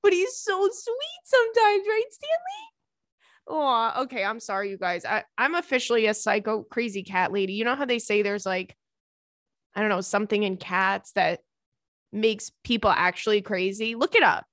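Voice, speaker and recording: A young adult woman hosts a podcast, sharing stories in a casual, animated chat, often laughing and acting out what her friends said. Her mid-range voice moves at a moderate pace, recorded in clean studio sound with no room sound.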